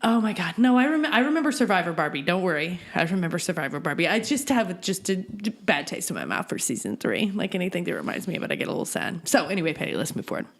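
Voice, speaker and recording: A woman co-hosting a casual podcast, chatty and quick to laugh as she recaps the plot. Her voice sits a bit low for a woman. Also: very animated. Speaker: podcast co-host.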